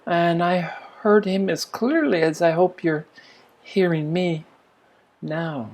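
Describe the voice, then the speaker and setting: A man's voice: a little high, slow pace. Older man, spiritual teacher, meandering storyteller who restarts his sentences. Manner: rambling, musing, with frequent restarts and soft laughs. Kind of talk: reflective storytelling talk.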